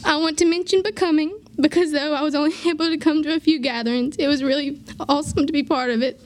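A woman's voice: high voice, steady tone, fast, slight background noise. A graduating teenage girl, giving a heartfelt farewell speech to her church youth group, tearful and laughing through tears. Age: late teens.

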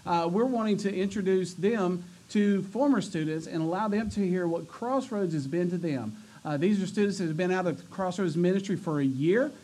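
A man's voice: high-pitched, normal speed, husky. A man hosting a church youth night, joking, teasing the crowd and running announcements. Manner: joking, energetic, stumbles and teases the audience. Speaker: youth pastor. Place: church youth room with a live audience.

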